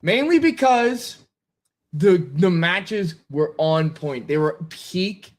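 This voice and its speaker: Rambly, lively-voiced male podcast guest, high and swinging. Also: slow. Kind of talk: casual podcast chat.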